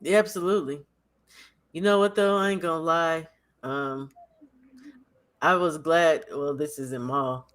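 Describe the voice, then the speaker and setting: A man hosting a casual livestream chat, animated and laughing often, tending to repeat himself. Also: a little high, a little slow, long pauses. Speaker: livestream host.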